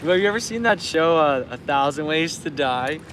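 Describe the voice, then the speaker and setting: A man's voice: on the high side, animated, moderate pace, a bit bright, slight background noise. Chatty Canadian man fishing outdoors. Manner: chatty, laughs often, tells anecdotes. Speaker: livestream host. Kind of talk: casual live-stream chat. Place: outdoors by a river while fishing.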